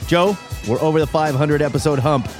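A man's voice: on the high side, fairly quick, music in the background. A man co-hosting a comic book podcast, joking around and delivering playful announcer-style intros. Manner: playful, theatrical announcer flourishes. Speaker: podcast co-host. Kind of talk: casual podcast banter.

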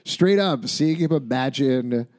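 Animated man hosting a podcast. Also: mid-range voice, slow pace. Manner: animated, jumps between topics, laughs often. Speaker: podcast host. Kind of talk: casual chat.

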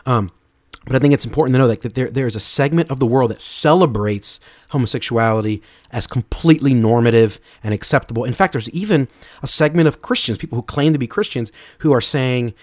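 A man's voice: medium pitch, brisk, dry recording, clean studio sound. A man hosting a podcast, giving an earnest, unscripted Bible teaching talk and often restarting and repeating words. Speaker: podcast host.

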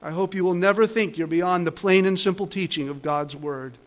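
A man's voice: sits high, a little fast. A middle-aged male pastor giving a sermon, earnest and pleading, building to emphatic repeated phrases.

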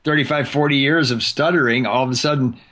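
A man's voice: medium pitch, fairly even intonation, fairly bright tone, a little hiss or hum. A man hosting a podcast, chatting casually and telling long stories, stretching out his words at times. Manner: storytelling, chatty, drawn-out words. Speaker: podcast host. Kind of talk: casual chat.

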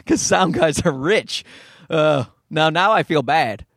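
Male stand-up comic, solo podcast host, slightly high voice, rambling and self-mocking, dry close studio mic. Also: lively intonation, slow pace, vocal fry, a bit bright, breathy edge, dry recording. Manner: rambling and self-deprecating, slipping into mock voices. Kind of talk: casual solo podcast monologue. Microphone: studio mic through a field recorder.

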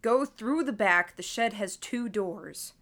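A woman's voice: mid-range voice, slow, a bit bright. A woman doing a firm, commanding church shepherd. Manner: firm, raised, giving clear orders.

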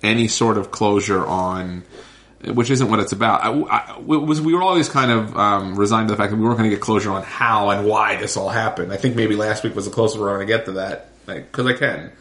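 A man with a fairly low voice talks through a TV episode with friends. His delivery is loose and conversational, with jokes and quick bits of impression. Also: a bit bright. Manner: joking, puts on voices for bits. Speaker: podcast co-host. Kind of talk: casual TV recap chat.

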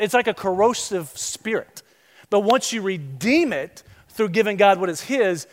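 A man preaching a sermon as pastor, animated and acting out the voices he quotes. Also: sits high, in a large hall.

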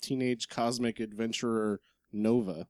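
A man chiming in with short remarks on a casual podcast. His voice is smooth and clear, mid-pitched, and the recording is dry. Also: little pitch movement, unhurried, dry recording. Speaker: podcast co-host. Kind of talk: casual chat.

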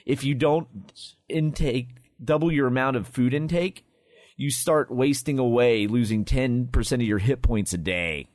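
A man's mid-range voice, a little slow, comes through clean and echo-free from the studio. As co-host of a tabletop game podcast, he chats casually about a monster, explaining its rules and reading off its stats with lively energy.

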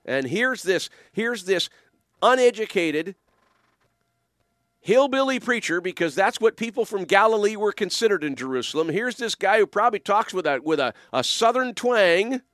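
Here a man in ministry from the Ottawa region offers a casual, earnest, meandering reflection, leaning hard on certain words. He has a high-pitched, expressive, fairly bright voice at a normal speed, captured in clean studio sound with no room sound.

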